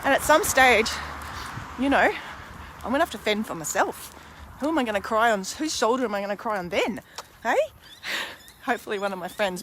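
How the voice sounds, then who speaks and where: A woman's voice: on the high side, expressive, brisk, long pauses, a bit bright, a little hiss or hum. A woman in her forties talking candidly to camera in a rambling, casual personal monologue, now and then swearing mildly. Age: 40s. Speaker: vlogger and podcaster.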